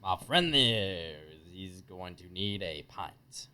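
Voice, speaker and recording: A man playing a tabletop game as a player, talking slowly in a dry, deadpan way. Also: low-pitched.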